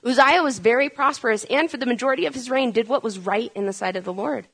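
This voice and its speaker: A woman's voice: fairly high pitch, fast talker, vocal fry, a bit bright. A woman preaching a sermon, asking rhetorical questions and building to urgent, emphatic peaks.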